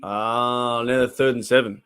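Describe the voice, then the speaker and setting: A man with an Australian accent hosting a casual live-stream reaction to a football game, rambling between excitable play-by-play calls. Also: mid-range voice, measured pace, clear, resonant tone.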